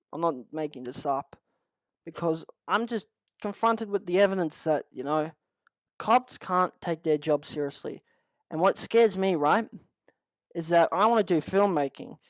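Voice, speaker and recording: A man's voice: high-pitched, dry recording, low-quality recording. A young man with an Australian accent, upset, ranting in a vlog monologue, swearing constantly and restarting his sentences. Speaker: channel host.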